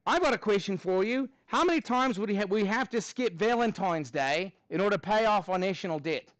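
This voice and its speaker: High-voiced upbeat math teacher. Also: male voice, animated, fairly quick, a bit bright, no room sound. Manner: upbeat, counts steps aloud, thinks aloud while working. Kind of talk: live class review lesson.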